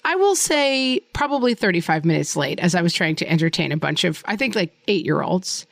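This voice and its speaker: A woman in her forties co-hosting a podcast, telling lively stories with a voice that swings widely in pitch. Her voice is mid-pitched, and the studio sound is dry and close. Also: no room sound. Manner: animated storyteller, acts out quotes in high voices. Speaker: podcast co-host. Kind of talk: casual chat.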